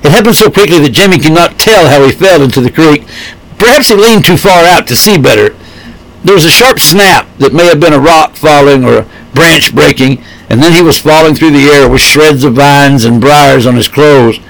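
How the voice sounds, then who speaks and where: Male storybook narrator, steady measured delivery, light higher voice. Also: no echo, poor audio. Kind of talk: storybook reading.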